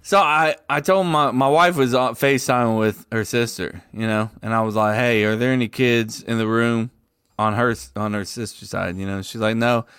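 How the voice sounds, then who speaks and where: A man grumbling and swearing through a casual podcast chat, often getting loud when he rants. His voice sits at a middle pitch. The sound is dry, with no room echo. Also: fairly even intonation, moderate pace, smooth. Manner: profane, rants loudly when worked up. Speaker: podcast co-host.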